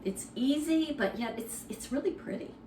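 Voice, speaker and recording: A woman giving a cooking demonstration in a kitchen, explaining in a relaxed, conversational way with some fillers. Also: high-pitched, moderate pace, echoey room, recorded from a distance, background noise.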